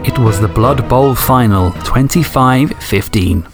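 A man's voice: mid-range voice, measured pace, loud music behind the voice. A man hosting a podcast, reading fan stories and chatting enthusiastically, swearing casually. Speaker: podcast host.

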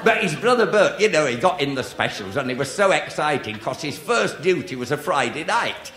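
An older man telling comic stories on stage, chatty and confiding, with deadpan punchlines. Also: fairly high pitch, moderate pace. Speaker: stand-up comedian. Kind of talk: stand-up comic storytelling. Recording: echoey live room with noise.

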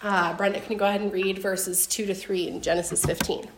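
A young woman leading a casual Bible lesson for a group, talking in a chatty way with lots of fillers and lively storytelling. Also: mid-range voice, a little fast, noisy background. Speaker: Bible study teacher. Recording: roomy echo.

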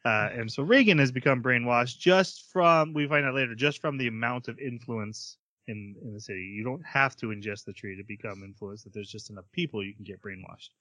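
Bright-voiced man recapping an anime. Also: mid-range voice, brisk, hardly any pauses, dry recording. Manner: animated storyteller, acts out character quotes. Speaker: podcast co-host. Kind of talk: casual anime recap chat.

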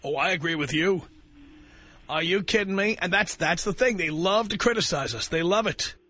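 Bright, high-voiced blunt radio host man. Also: moderate pace. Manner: blunt, emphatic, mocking. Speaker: radio talk show host. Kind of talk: call-in talk radio.

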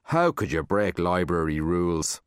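A man's voice: sits low, very animated, moderate pace, clear, resonant tone, dry recording, clean studio sound. A man voicing a whiny, disapproving young boy who sulks and begs. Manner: whining, sulky.

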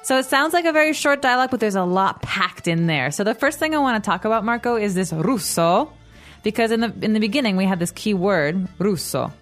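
A young American woman co-hosting a language podcast, explaining patiently in a relaxed, upbeat chat and laughing easily. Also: medium pitch, fairly quick, soft background music. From United States. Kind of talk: casual teaching chat.

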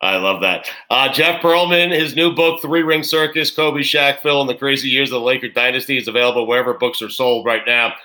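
A man hosting a casual sports interview, enthusiastic and quick to laugh. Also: medium pitch, pushed and bright. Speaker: host.

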